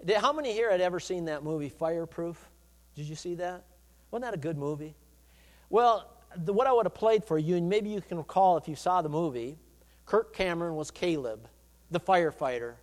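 A man pastor preaching a sermon, shifting between loud, emphatic declarations and quiet, conversational asides, in a church. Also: fairly high pitch, expressive, a little fast. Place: church sanctuary. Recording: long hall reverb.

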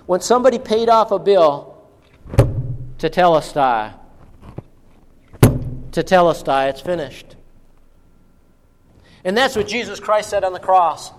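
High-voiced preacher man in a reverberant hall. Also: animated, a little slow, pauses often. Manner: emphatic preaching with sudden drops to a hushed voice. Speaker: pastor. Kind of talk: sermon.

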